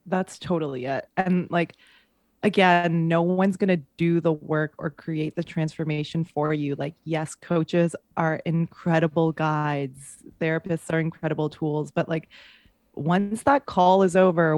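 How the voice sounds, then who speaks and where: Woman, coach, earnest and emphatic, fairly low voice, dry close sound. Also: darkish tone, no room sound. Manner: earnest, emphatic, repeats points in parallel phrases. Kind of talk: casual podcast conversation.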